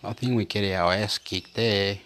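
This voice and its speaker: A man's voice: on the low side, fairly even intonation, moderate pace, a bit bright, slight background noise. A man from Chile talking in a rambling, repetitive casual monologue, reading bits aloud from a screen as he goes.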